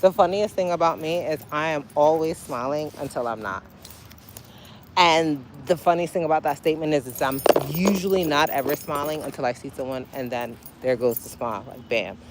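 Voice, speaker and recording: Casual woman streamer with a low-set voice, talking to her chat by a road with light street noise. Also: moderate pace. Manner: chatty, talks straight to her chat with sudden high exclamations. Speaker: livestream host. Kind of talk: casual livestream chat to viewers. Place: outdoors by a street, waiting for a ride.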